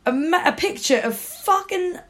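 A woman from Norfolk in her thirties, co-hosting a podcast and telling a story in an animated, casual way, swearing freely and slipping into voices for her parents. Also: very high-pitched, normal speed. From Norfolk, England. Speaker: podcast co-host. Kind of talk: casual chat.

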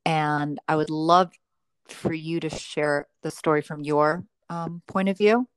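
Female podcast host, deep-pitched, friendly prompts, dry sound. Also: steady tone, a little slow, smooth, no echo, low-quality recording. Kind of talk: casual interview.

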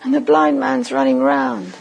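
Slow gravelly woman preaching a story. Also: sits high, muffled recording, faint music behind. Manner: vivid second-person storytelling, slow and deliberate. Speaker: conference speaker. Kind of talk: sermon as guided imaginative storytelling.

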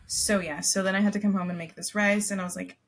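This young podcast co-host talks fast in a mid-range, steady voice. She tells stories in casual conversation, laughing often and using lots of fillers.

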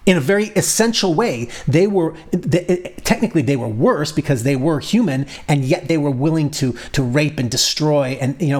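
Stammering man with a slightly high voice. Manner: halting, stammering, many restarts and fillers. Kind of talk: casual discussion.

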